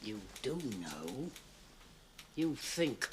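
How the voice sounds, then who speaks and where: A woman's voice: a bass voice, big pitch swings, very slow, exaggerated voice. An actress playing a blunt, touchy cleaning lady in a 1970s British TV comedy, recorded with faint hiss. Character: blunt older cleaning lady, prickly and proud. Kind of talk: 1970s British TV sitcom acting. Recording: old TV sound with faint hiss.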